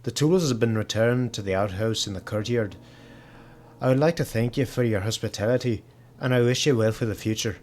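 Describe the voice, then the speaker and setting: A man's voice: mid-range voice, a little fast, a little mellow, natural voice. A man putting on an Irish accent to voice a male groundskeeper politely reading his letter of resignation. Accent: put-on Irish. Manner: formal letter read aloud.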